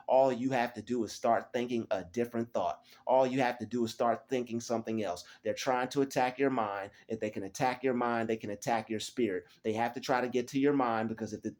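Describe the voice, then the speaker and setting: A man's voice: mid-range voice, darkish tone. A man giving a motivational spiritual talk alone in a small room, speaking in repetitive, declarative affirmations. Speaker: spiritual vlogger.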